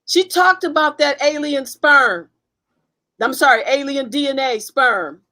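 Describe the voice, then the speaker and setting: A woman's voice: high-pitched, a little slow, bright, forceful tone. A woman guest in an impassioned conversation, talking fervently and emphatically with frequent restarts.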